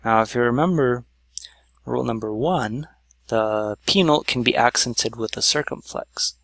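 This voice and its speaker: A man teaching a whiteboard lesson, explaining slowly step by step with many "so"s. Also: mid-range voice, vocal fry, a bit bright, dry recording. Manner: slow, stepwise explaining with many "so"s.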